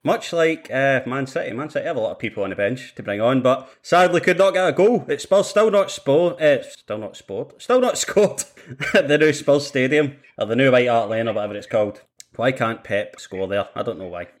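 A man's voice: mid-range voice, animated, brisk. A man hosting a casual football podcast, rambling and laughing often. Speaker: podcast host.

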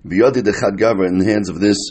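Husky low-voiced guy going thru talmud, translating line by line, laid back. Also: steady tone, fast, a little mellow. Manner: casual, explanatory, with many fillers and Yiddish-Hebrew terms. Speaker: Talmud teacher.

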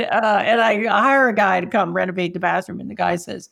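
A woman's voice: mid-range voice, fairly quick, creaky, hardly any pauses. A woman telling a funny story in a casual talk, acting out the dialogue and swearing now and then, with an audience laughing along. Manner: animated, acts out dialogue in exaggerated voices; casual and profane, frequent "like". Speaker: marketing speaker.

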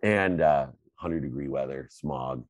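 Very deep-voiced fervent middle-aged man. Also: a little slow, dry recording, studio quality. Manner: fervent, preachy, swings between loud and soft. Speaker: host and coach. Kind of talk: motivational Q&A answers.

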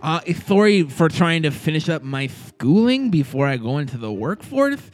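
A man's voice: on the high side, big pitch swings, voice pushed up. A man doing a defensive young student. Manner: hesitant, halting, then snippy. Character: defensive young male student living at home.

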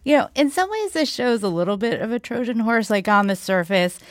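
A woman interviewing a guest, making thoughtful, measured remarks. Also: fairly high pitch, lively intonation, dry recording. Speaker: radio interviewer. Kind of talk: conversational interview.

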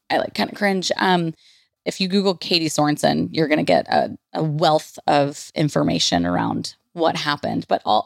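A woman's voice: sits low, vocal fry, dry recording, studio quality. A woman in her thirties from Northern California telling a personal story on her podcast, candid and casual, swearing freely and filling with "like". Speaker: podcast host.

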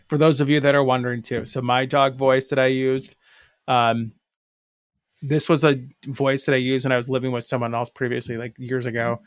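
A man's voice: medium pitch, level tone, normal speed, pauses often, no room sound, studio quality. Casual man rambling on a podcast. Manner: loose, rambling storyteller with lots of "like" fillers. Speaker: podcast co-host. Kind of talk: casual chat.

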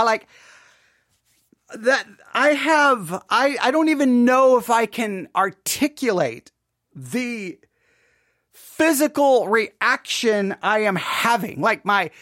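A woman commenting in an exasperated, halting way, breaking into animated outbursts. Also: fairly high pitch, no echo, studio quality. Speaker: online commentator. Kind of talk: indignant commentary.

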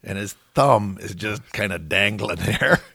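A man's voice: fairly low pitch, unhurried, gravelly, pushed and bright, slightly rough, no room sound, studio quality. A middle-aged man, a game warden, casually telling a story and acting out what people said. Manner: laid-back storyteller acting out quotes.

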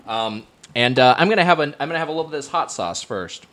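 A man's voice: fairly high pitch, lively intonation, quick pace, fairly bright tone. A man co-hosting a casual food podcast, rambling and correcting himself as he jokes and reviews. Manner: rambling, self-correcting, jokey. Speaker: podcast co-host.

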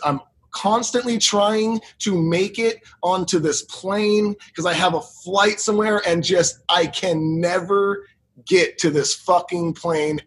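A man co-hosting a casual podcast, rambling through stories and swearing freely as he goes. His voice is a little higher than usual for a man. It has a husky edge to it. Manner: loose, profane, rambling storytelling. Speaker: podcast co-host.

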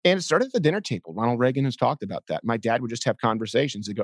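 Animated man telling stories in an interview. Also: racing, no room sound. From Canada. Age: 30s. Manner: jumps into high squealing impressions when telling stories. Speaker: podcast guest.

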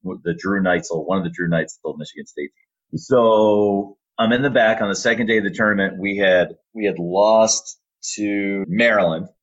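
Man, deep husky voice, animated storyteller in an interview, slightly dull lo-fi sound. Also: normal speed. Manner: animated storyteller, lively, acts out quotes. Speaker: arena public address announcer.

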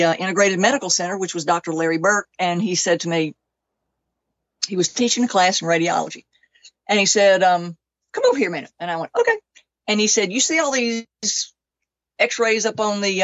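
A woman's voice: fairly low pitch, dry recording. A woman being interviewed, telling a personal story with feeling and acting out other people's lines as she goes. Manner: emotional, close to tears at times. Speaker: interview guest. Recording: dull, lo-fi dry recording.

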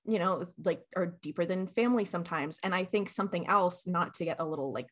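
A woman co-hosting a podcast in casual chat, animated and acting out quoted lines. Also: lowish voice, quick pace.

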